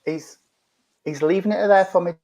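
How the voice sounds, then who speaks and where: Man, spiritualist medium, repeats himself, says darling, slightly high voice, muffled lo-fi call audio. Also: normal speed, darkish tone. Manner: repeats phrases, calls the listener darling. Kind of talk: relaying spirit messages in an online service.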